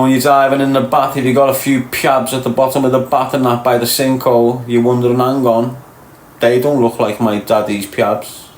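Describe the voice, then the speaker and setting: A medium-pitched male voice, slightly hissy or humming, belongs to a middle-aged livestream host from Liverpool. He reads viewers' comments aloud and banters with them casually, teasing, crude and full of slang.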